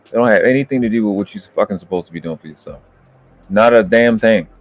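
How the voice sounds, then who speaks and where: A man hosting a debate review, ranting in heated, profane commentary that berates and swings up into shouting. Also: lowish voice, fast, dull audio, faint music behind.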